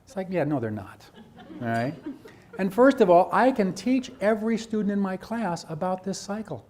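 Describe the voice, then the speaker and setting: Male trainer, high voice, lecturing teachers with animated role-play asides. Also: normal speed. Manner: animated, acts out teachers and students, rhetorical questions. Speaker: presenter at a teacher training workshop. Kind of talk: lecture to educators.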